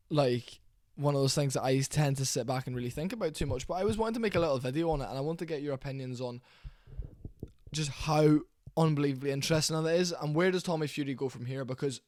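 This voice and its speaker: A man's voice: a little high, no echo, clean studio sound. A man giving rambling, candid boxing commentary at home, full of fillers and restarts. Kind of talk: casual opinionated commentary. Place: warm room at home.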